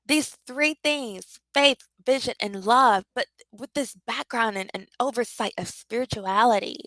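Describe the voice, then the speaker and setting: A woman teaches spiritual leadership with heartfelt, preacherly emphasis, repeating key phrases. Her voice is bright and sits a little high. The recording is dry and close. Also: unhurried, no echo, poor audio. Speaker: leadership coach.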